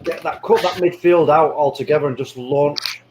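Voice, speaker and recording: A man's voice: a little high, moderate pace, background noise. A man chatting casually and crudely during a live football watchalong, urging the players on and joking.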